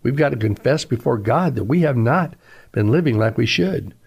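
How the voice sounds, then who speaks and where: A man's voice: medium pitch, expressive, moderate pace, gravelly, a little mellow, husky. A man, a pastor, giving an earnest radio sermon that rises to emphatic peaks.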